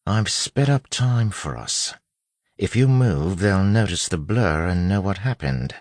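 A man doing a soft, threatening undercover lawman. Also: expressive, measured pace, dry recording. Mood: soothing. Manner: low, threatening and soft-spoken. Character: sly male lawman posing as a gang thug.

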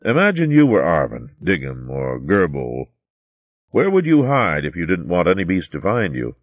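A man voicing an old male animal recorder in a storybook, calm, wise and gently coaxing, slowing on key words. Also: low voice, dry recording, phone-quality sound, full character voice.

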